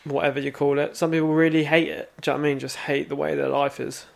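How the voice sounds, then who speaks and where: A man's voice: on the high side, little pitch movement, fast, creaky. A man, a podcast co-host talking in a laid-back, reflective, teasing way. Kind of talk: casual chat.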